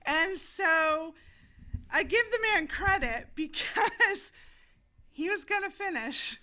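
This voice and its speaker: A woman's voice: very high-pitched, slow. A woman co-hosting a casual chat, telling stories with lots of laughs and animation. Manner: giggly, animated storytelling. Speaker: podcast co-host.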